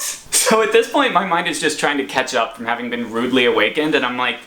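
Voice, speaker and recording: A man's voice: mid-range voice, lively intonation, fairly quick, hardly any pauses, bright, forceful tone, echoey room, slight background noise. A young man vlogging a dramatic, laughing storytime from his apartment. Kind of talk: storytime vlog.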